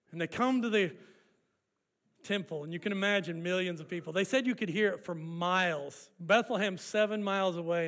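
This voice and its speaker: A man preaching a sermon, walking his congregation through an old festival ritual and leading them in responses. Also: high-pitched. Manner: animated, leads congregation in call-and-response. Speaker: pastor.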